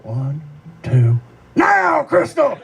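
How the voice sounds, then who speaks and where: A man voicing a gruff one-eyed country man who catches pests, in a blunt, unbothered way. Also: very high-pitched, very animated, measured pace, exaggerated voice. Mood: matter-of-fact.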